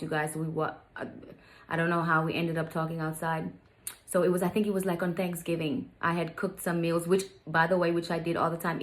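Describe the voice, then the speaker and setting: Woman, young adult, low voice, flat delivery, candid storytime vlog, venting to viewers. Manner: candid, venting, addresses viewers as "you guys". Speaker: vlogger.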